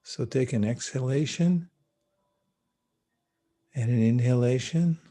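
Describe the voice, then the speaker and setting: Guy guiding a meditation on a video call, mellow warm voice, slow calm instructions. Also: medium pitch. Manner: calm, unhurried, gently instructive. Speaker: meditation teacher.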